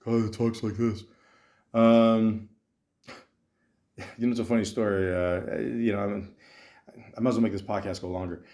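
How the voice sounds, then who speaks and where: Speaking at a measured pace with long pauses, a Canadian podcast host in his thirties has a fairly low, level, darkish voice. He rambles through a story, swearing casually and using lots of fillers.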